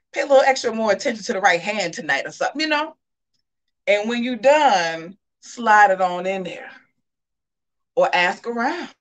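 A woman hosts a live gossip show in a sassy, animated way. She speaks at a middle pitch, but her voice swings widely up and down. She often breaks off to address her viewers directly in drawn-out asides. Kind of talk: casual live commentary.

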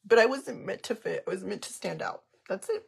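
A woman's voice: mid-range voice, lively intonation, a little fast, creaky, a little hiss or hum. A woman in her thirties chatting candidly on a live stream while taking off her makeup, emotional and frank, dropping in Spanish slang. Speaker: vlogger doing a live stream. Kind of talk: casual chat while removing makeup.

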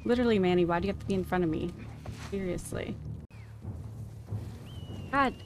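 A woman streaming a video game live, cursing at her companions and laughing, sometimes shouting in panic. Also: lowish voice, brisk, music in the background. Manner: swearing, exasperated, laughing; shouts in panic at tense moments. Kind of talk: live gameplay commentary.

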